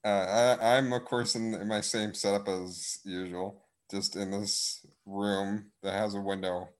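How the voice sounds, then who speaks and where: A man's voice: on the low side, level tone, unhurried. Joking, rambling male podcast host. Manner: joking, rambling, stumbles over words. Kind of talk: casual gaming news chat. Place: home room with a window.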